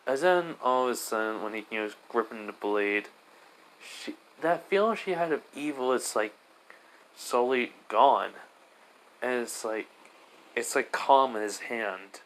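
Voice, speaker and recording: A man's voice: medium pitch, animated, unhurried, fairly bright tone, rough recording. A young man narrates a fan-made story off the cuff. He stumbles, restarts and corrects himself as he goes. His voice sits in a plain middle register. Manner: rambling and hesitant, many fillers and self-corrections. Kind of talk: improvised fan-fiction retelling.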